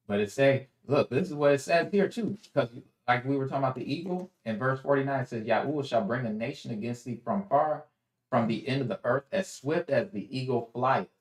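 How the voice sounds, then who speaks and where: A man leads a live faith discussion, reading verses aloud and unpacking words in a preachy style. His voice sits at a middle pitch and carries a noticeable room echo. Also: brisk. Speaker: co-host of a faith talk show. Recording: roomy echo.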